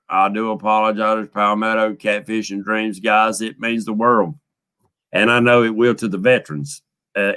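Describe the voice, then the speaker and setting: Guy on a fishing live stream, lowish voice but bright and punchy, folksy and heartfelt. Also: clear, resonant tone. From United States. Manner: folksy, heartfelt, thanks viewers by name. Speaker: fishing channel host. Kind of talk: casual live stream chat.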